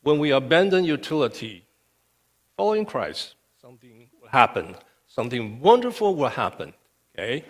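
A man's voice: mid-range voice, very animated, normal speed. A male pastor preaching a sermon with emphasis, often checking in with "okay". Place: church sanctuary. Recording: long reverb of a church hall.

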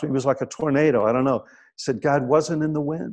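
A man of medium pitch preaches a little fast, sharing scripture stories as if in conversation. He keeps checking in with "right?" and lowers to a hush when the moment turns quiet.

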